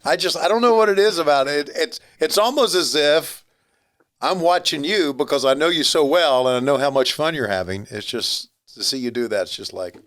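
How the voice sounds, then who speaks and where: A man hosting a podcast, chatting casually with his guest and paying him compliments with some halting restarts. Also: on the high side, fairly bright tone. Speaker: podcast host. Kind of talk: casual interview chat.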